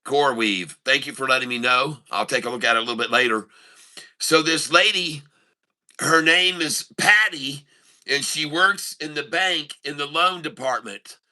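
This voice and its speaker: Middle-aged male livestream host, rambling casual chat, very bright forceful tone. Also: a little high, moderate pace. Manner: rambling, filler-heavy, answers chat mid-story. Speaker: day-trading livestream host. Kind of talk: casual live-stream chat and joke telling.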